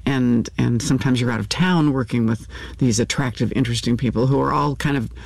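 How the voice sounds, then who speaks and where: An older actress speaking candidly in an interview, with halting restarts and fillers. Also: female voice, very deep voice, vocal fry, a little mellow, no room sound. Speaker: actor, interview guest.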